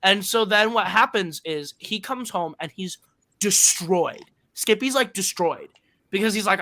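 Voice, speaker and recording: On a film podcast, a male co-host with a high, bright, forceful voice talks expressively and without hurry. His casual plot recap and review wanders, full of self-corrections and filler words.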